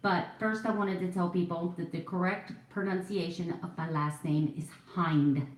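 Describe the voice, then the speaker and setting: A woman's voice: lowish voice, fairly even intonation, normal speed, reverberant, low-quality recording. A woman in her forties chatting casually while doing her makeup at home, rambling and poking fun at herself. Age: 40s. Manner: chatty, rambling, self-deprecating. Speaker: vlogger. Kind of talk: casual get-ready-with-me chat.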